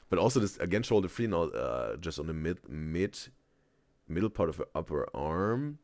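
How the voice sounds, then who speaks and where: A man with a very deep voice that swings widely in pitch comments casually over a video. He talks in halting bursts, restarts his sentences and keeps adding "right?" and "bro". The sound is dry and close. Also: big pitch swings, dry recording. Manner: halting, many restarts, says "bro" and "right?" often, laughs loudly. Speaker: reaction streamer. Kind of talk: casual live reaction commentary.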